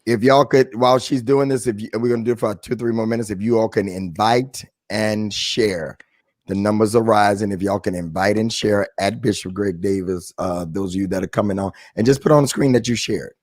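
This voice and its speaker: A man's voice: on the low side, fairly even intonation, fairly quick, darkish tone, no room sound, studio quality. A man hosting a live stream, laid-back and joking as he asks viewers to share. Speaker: host.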